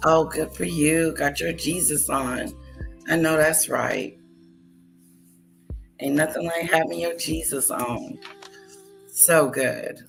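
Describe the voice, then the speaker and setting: Woman, deep gravelly voice, slow unhurried talk, livestream host, faint music behind. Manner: chatty, repeats greetings to viewers. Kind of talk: casual live-stream chat.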